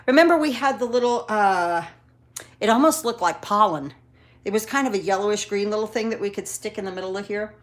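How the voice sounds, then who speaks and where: A woman demonstrating card-making in a casual craft tutorial, talking in a chatty, encouraging way with many fillers. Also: mid-range voice.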